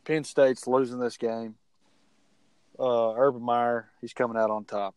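A man's voice: medium pitch, flat delivery, a little slow, a little mellow, clean tone, dry recording, low-quality recording. A man co-hosting a casual sports picks podcast, talking in a rambling, chatty way. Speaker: podcast co-host.

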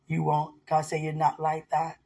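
A man's voice: a little high, flat delivery, slow pace, vocal fry, a little mellow, husky. A man speaking lovingly and devotionally to his fiancé, rambling and laughing often, at home. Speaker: vlogger. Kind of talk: casual devotional talk to a fiancé. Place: home by a window.

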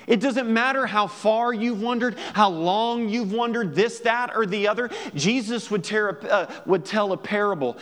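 A man with a high voice preaches in an easygoing, conversational way. He acts out little exchanges as he goes. His voice rings out with a long reverb, as in a big church hall. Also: a bit bright. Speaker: pastor. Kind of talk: sermon.

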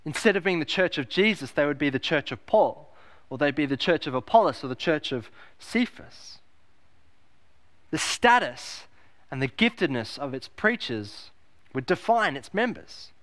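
A man preaching with emphasis, his voice sitting a little higher than most men's. He repeats key phrases and asks the congregation rhetorical questions, lifting his voice on quoted lines. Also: very animated, moderate pace, fairly bright tone. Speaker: pastor. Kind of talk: sermon.

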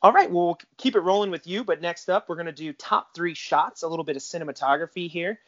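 Chatty man, slightly high voice. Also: quick pace, a bit bright, dry recording, dull audio. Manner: chatty, laughs often while retelling scenes. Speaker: podcast co-host. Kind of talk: casual film discussion.

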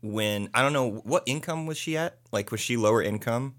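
A man's voice: mid-range voice, fairly quick, fairly bright tone. A man co-hosting a casual podcast, rambling with lots of "like" fillers. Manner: rambling, many likes. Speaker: podcast co-host.

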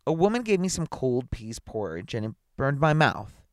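A courteous, bewildered man fresh out of the moon speaks earnestly and politely, as a male reader puts him on. The voice is lively in pitch and recorded close and dry, like a bedtime storybook. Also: moderate pace, no room sound, lightly acted.

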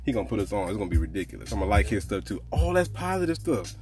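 A man's voice: fairly low pitch, very animated, rapid-fire, a little mellow, faint music behind. A man hosting a motivational podcast, preachy and fired up, repeating phrases for emphasis. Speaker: podcast host.

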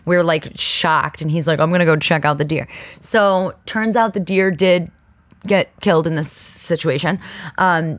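Woman podcast host, 30s, chatty tangent-prone storyteller, lowish voice, dry close mic. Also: dry recording. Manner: chatty, rambling, animated retelling with tangents. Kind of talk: casual storytelling monologue.

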